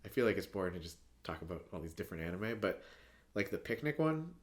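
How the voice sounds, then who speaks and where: A man's voice: deep voice, very animated, fast. A young man, a guest on a podcast, chatting casually about making cartoons and telling long, rambling stories full of fillers and laughs. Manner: rambling storyteller, filler-heavy, laughs often. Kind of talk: casual chat.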